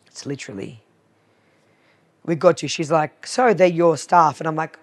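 Australian woman, podcast guest, animated storyteller who acts out the dialogue. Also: on the low side, moderate pace. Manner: animated, acts out both sides of conversations. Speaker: podcast guest, cleaning business owner. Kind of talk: casual storytelling interview.

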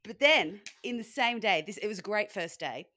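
A woman's voice: mid-range voice, lively intonation, moderate pace, pushed and bright. A young Australian woman co-hosting a fitness podcast, telling stories in a chatty way and acting out the dialogue. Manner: chatty storyteller, laughs often, acts out quoted dialogue. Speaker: podcast co-host, fitness coach and sports journalist. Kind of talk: casual chat.

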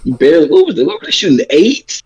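A man's voice: high-pitched, huge pitch swings, fast, creaky, darkish tone, lo-fi sound, a little hiss or hum. A young man co-hosting a casual podcast chat, laid-back and rueful in tone. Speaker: podcast co-host.

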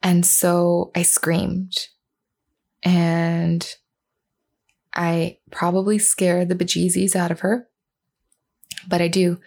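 Earnest female storyteller in her 30s, slow pace, gravelly low voice. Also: flat delivery, a little mellow. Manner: earnest, retelling dialogue, with fillers and restarts. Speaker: mother telling a personal story. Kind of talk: personal storytelling.

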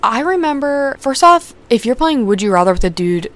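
A woman's voice: sits high, very animated, moderate pace, a bit bright, slight background noise. A young adult woman hosting a podcast in casual chat, rambling with lots of fillers and casual swearing. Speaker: podcast host.

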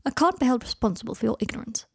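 A woman's voice: fairly high pitch, animated, very fast, vocal fry, husky, dry recording, studio quality, full character voice. Woman doing a teasing, mischievous young wizard. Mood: wry. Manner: light, mischievous, wry.

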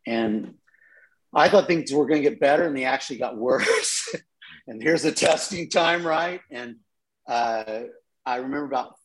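A man's voice: medium pitch, expressive, normal speed, rough recording. A middle-aged man, a pastor, telling a personal testimony in an interview, earnest and with frequent repeated words. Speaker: associate pastor.

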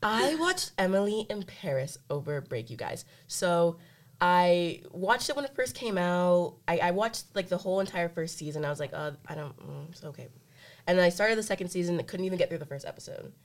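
A young woman co-hosting a laid-back podcast, her voice sitting a little low. She rambles playfully, her sentences strung together with fillers. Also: animated, brisk. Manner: playful, chatty, filler-heavy with lots of "like". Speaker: podcast co-host. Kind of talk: casual podcast chat.

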